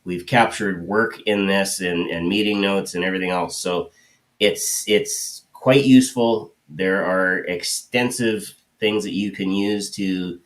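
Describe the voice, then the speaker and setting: Deep voiced guy rambling on about his note app setup, lots of uhs. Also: unhurried. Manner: rambling, hesitant with many fillers. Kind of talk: casual explanation.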